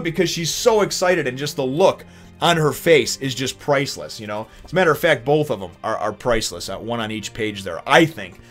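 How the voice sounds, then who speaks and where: A man's voice: fairly high pitch, animated, brisk, a bit bright, faint music behind. A man hosting a casual manga review, talking enthusiastically in a rambling way full of restarts and fillers.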